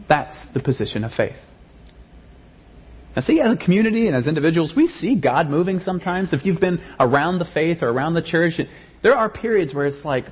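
A man's voice: a little high, very animated, a little fast, slightly rough, lo-fi sound. A man preaching a sermon in an earnest way, often repeating words and rising into passionate pleading. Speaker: pastor.

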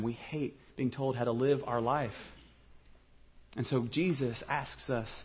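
Husky-voiced pastor telling a funny story. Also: male voice, mid-range voice, lo-fi sound. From Ohio. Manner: humorous storytelling, dropping to a quiet earnest tone. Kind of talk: storytelling sermon.

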